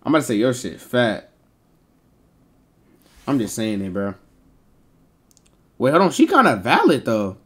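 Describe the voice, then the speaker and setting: A streamer man chatting live with his viewers, his voice sitting at an ordinary middle pitch. He jokes and banters in quick, slangy bursts, swearing freely as he asks his audience for advice. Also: slightly rough. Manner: animated, joking, heavy slang and swearing.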